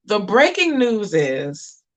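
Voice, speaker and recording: A woman hosting her own livestream, delivering a preachy, scolding rant. She hammers her points by repeating phrases, with animated swings in her delivery, in a middle-pitched voice. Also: slow pace. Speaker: channel host on a livestream. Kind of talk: casual livestream commentary.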